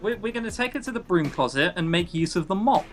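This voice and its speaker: Streamer, blunt, swears freely, animated delivery; faint music bed. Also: medium pitch, fast talker. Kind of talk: casual game chat.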